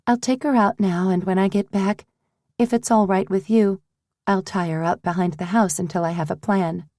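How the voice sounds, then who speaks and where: A woman voices an earnest, eager young postal clerk who sounds resolved, pitching her natural voice above her own range. The delivery is mid-range and a little mellow, with fairly even intonation at normal speed, in a clean studio recording with no room sound.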